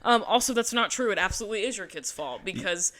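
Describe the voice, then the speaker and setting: A woman's voice: medium pitch, expressive, fast, a bit bright. Sarcastic woman podcast co-host. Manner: sarcastic, quotes people in mocking voices. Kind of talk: casual recap chat.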